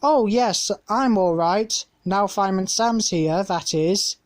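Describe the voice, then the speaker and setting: A woman's voice: mid-range voice, takes it slowly, close to an everyday voice. A woman voicing an eager, spirited young girl in a storybook reading. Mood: cheerful. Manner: excited, pleading.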